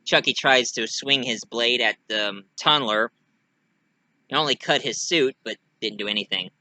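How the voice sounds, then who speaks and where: A man's voice: normal speed, no echo. A man casually telling his own fan story, rambling and hesitant with many fillers. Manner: rambling, hesitant, lively pitch.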